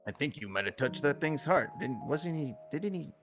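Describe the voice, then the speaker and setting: Man playing a mellow retired alligator pirate. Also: fairly high pitch, expressive, moderate pace, pitched above the performer's own voice. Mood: amused. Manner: hesitant, meandering, chuckling. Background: soft background music.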